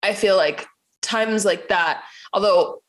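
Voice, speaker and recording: A young woman coaching creatives on a podcast talks in a loose, chatty way. She laughs easily and slips into playful voices for her own thoughts. Her pitch sits in the middle range. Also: takes it slowly. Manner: animated, laughs often, acts out inner voices. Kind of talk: casual conversation.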